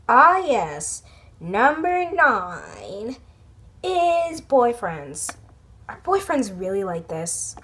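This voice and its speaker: A woman's voice: on the high side, very animated, extremely slow, fairly bright tone, a little hiss or hum. Playful woman narrating silly skits. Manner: goofy and playful, jumps into silly character voices. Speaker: host acting out toy skits.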